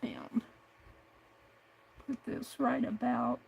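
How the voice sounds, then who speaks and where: A woman's voice: rumbling low, very animated, drawn-out words, gravelly, slight background noise. A woman hosting a craft livestream, talking herself through each step at her home desk. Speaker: craft channel host. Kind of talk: casual crafting livestream narration.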